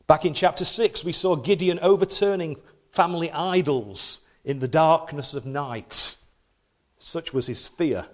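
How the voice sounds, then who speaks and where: A man's voice: a little high, measured pace. A man preaching a sermon, reading scripture dramatically and adding playful asides. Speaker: pastor.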